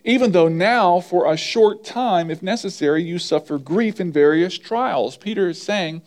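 Male pastor, sermon delivery, talks with the room and repeats key lines, voice a bit high. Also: normal speed, hardly any pauses, a little mellow. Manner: conversational, asks the congregation questions. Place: church.

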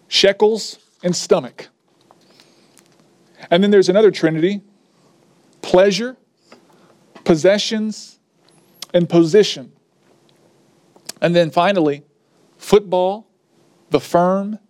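A man's voice: a little high, darkish tone, no room sound, studio quality. A man preaching a sermon, stressing key points and repeating his lines for emphasis.

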